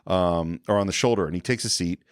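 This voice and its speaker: A man's voice: low-pitched, a little fast, smooth, no echo, studio quality. A man co-hosting a podcast in casual chat, retelling film scenes and slipping into the characters' lines. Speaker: podcast co-host.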